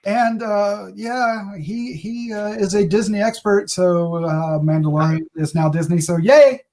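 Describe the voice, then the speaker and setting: A man's voice: high voice, steady tone, measured pace, darkish tone. A man hosting a casual review podcast, bubbly and laughing at his own slip-ups. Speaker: podcast host.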